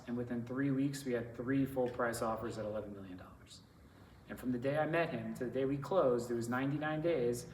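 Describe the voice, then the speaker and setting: A man speaking as a sales director to students, telling stories in a casual, conversational way full of filler words. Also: medium pitch. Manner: conversational, many fillers like "like" and "you know". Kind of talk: casual storytelling talk to students. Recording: roomy and distant with faint noise.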